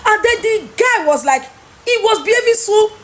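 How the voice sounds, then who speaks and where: A woman with a Nigerian accent, telling an animated personal story with exasperation and mimicking others in Pidgin. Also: extremely high pitch, normal speed. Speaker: trader telling of lost goods.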